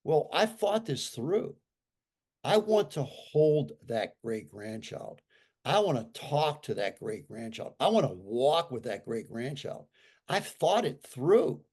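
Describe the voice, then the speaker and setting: Animated, emphatic man in his sixties. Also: mid-range voice, slow pace, husky. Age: 60s. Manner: animated and emphatic, repeats points for effect. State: recovering from a stroke. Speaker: interview guest. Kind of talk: casual conversational talk.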